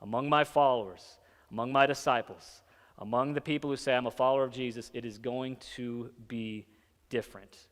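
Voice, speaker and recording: A man's voice: mid-range voice, fairly even intonation, fairly bright tone, big-room sound. A man preaching a sermon in a casual, conversational way, often checking in with his listeners and briefly acting out the lines of the people in the story. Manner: conversational, keeps checking in with "right?" and "okay?"; acts out the disciples' lines in quick asides. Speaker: pastor. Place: church hall.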